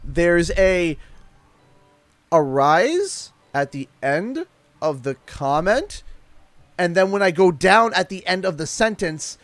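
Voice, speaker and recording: A man with a Canadian accent chats casually while streaming a game, rambling with many fillers and fond of putting on a playful accent. His voice is high-pitched, sing-song, slow and a bit bright, with no room sound.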